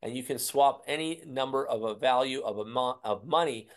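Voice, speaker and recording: A man's voice: mid-range voice, normal speed. A man in his forties, enthusiastic and salesy, talking casually through a screen-share walkthrough and repeating himself. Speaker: crypto promoter presenting a screen walkthrough.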